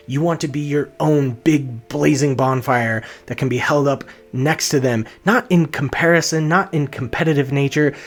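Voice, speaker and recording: A man reviewing books in casual, earnest talk, openly emotional about the lines he loves. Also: mid-range voice. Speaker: book reviewer.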